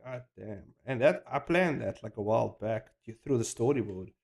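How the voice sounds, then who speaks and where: A man chatting casually on a live stream while he animates, excitable and hyping himself up, swearing freely, rambling with restarts and slang. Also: medium pitch, normal speed, gravelly. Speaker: animator streaming his work.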